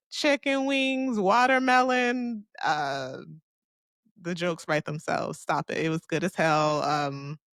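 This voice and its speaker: A woman's voice: mid-range voice, a bit bright, no echo, studio quality. A young adult woman from Miami hosting a casual solo podcast, telling a story in a candid, chatty way, cursing freely and talking to herself. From Miami, Florida. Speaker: podcast host.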